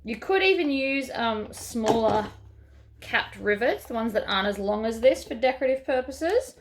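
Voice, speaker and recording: A woman's voice: a little high, lively intonation, moderate pace, noisy background. A woman hosting a sewing tutorial, chatting casually as she works through each step.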